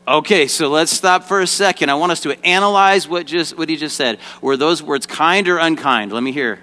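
A man teaching children's ministry runs an interactive Bible lesson from a church stage, guiding volunteers and getting the kids in the audience to shout back answers. He speaks at a moderate pace with few pauses, in a slightly high, bright, forceful voice, and the hall's reverb makes everything echo.

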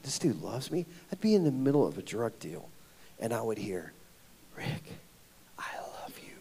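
A man giving a personal testimony at a ministry gathering, telling his story in a casual, slangy way, swinging between loud and whispered. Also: fairly low pitch. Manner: casual, slangy storytelling with frequent 'like' and 'dude'. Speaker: guest speaker at ministry event.

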